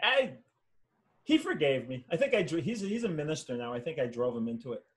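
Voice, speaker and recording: Animated storytelling man on a video call. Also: a little high, fairly quick. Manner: animated anecdotes, acting out quoted voices. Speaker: fantasy author guest. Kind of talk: casual storytelling conversation. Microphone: video call mic.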